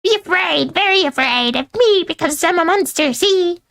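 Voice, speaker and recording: A cocky spork monster from a video game , played by a woman. His voice is high and bright, and he delivers his threats in rhyme like a cartoon gangster. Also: animated, normal speed, vocal fry, heavily acted. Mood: threatening. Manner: tough-guy threats in rhyme. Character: menacing male spork monster, rhyming and boastful.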